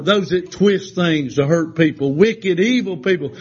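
Preacher man, high voice, fiery call-and-response delivery, in a church on a dull lo-fi recording. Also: expressive, a little slow, few pauses, a bit bright. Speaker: pastor. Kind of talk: sermon. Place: church sanctuary.

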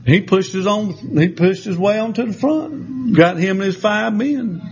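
Folksy preacher man, high voice. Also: a little slow. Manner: folksy, animated storytelling preacher. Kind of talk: sermon with storytelling. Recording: slightly muffled recording with faint background hiss.

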